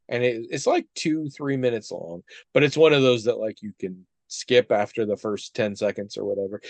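A man's voice: medium pitch, darkish tone, no echo. A man in casual podcast chat, retelling something at length with asides and frequent restarts. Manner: conversational, restarts often, retells story with asides.

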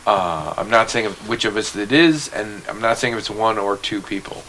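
A man co-hosts a podcast in loose, rambling chat, joking and sometimes trailing off into mumbles. His voice sits a bit low, with faint hiss in the recording. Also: normal speed, fairly bright tone, poor audio. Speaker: podcast co-host.

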